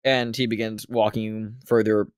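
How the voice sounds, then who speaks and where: A man's voice: lowish voice, level tone, a little slow, clean tone, dry recording, studio quality. A man running a tabletop game as dungeon master, breaking character with laughing, self-mocking asides. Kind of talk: casual game chat.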